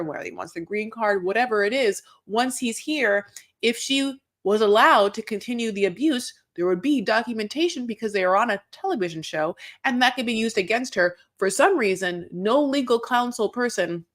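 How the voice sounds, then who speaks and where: A woman's voice: medium pitch, a bit bright. A woman host chatting casually as she recaps reality TV. She rambles, talks in circles and swears.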